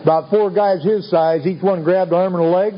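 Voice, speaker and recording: Speaking fairly quickly in a high, steady voice, this man shares his recovery story with a meeting as humorous storytelling, folksy and self-deprecating in a wry way. Faint music plays behind him on a dull lo-fi recording with faint ambience.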